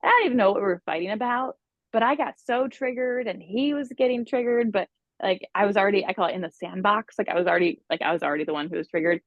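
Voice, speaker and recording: Expressive woman on a dry, dull recording. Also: mid-range voice, fast talker, no echo. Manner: expressive, conversational storyteller. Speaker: relationship coach. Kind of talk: podcast guest interview.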